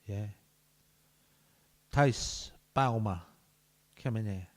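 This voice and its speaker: A man with a lowish voice talks very slowly as he streams a football management game live. He chats playfully with each of his players, often lowering his voice to a whisper.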